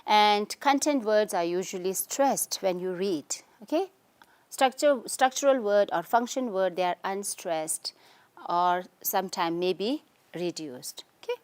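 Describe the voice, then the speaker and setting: A woman's voice: mid-range voice, unhurried, darkish tone, clear, resonant tone. A woman teaching an English grammar lesson with a Tibetan accent, explaining patiently and checking understanding with "okay?" after each point. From Tibetan community in India. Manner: explanatory, frequent "okay?" and "you can say" checks. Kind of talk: recorded lesson.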